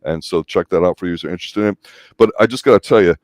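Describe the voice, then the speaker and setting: A man's voice: low-pitched, rapid-fire, darkish tone, no room sound, studio quality. A man co-hosting a movie review show, explaining scenes at length in a casual, emphatic way and acting out lines he quotes.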